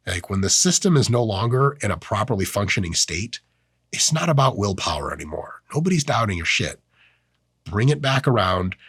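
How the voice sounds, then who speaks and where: A man's voice: on the low side, slightly rough, no echo, clean studio sound. A man hosting a fitness channel, giving a casual, joking, profane lecture on training and diet. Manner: profane, joking, animated delivery. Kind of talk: casual educational monologue.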